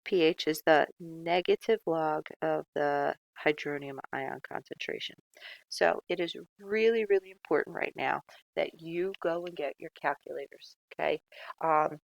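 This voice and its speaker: Woman teacher doing a recorded chem lecture, lots of ums and okays, bit gravelly, dry sound. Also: deep voice, no room sound. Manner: chatty, frequent ums and okays. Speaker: chemistry teacher.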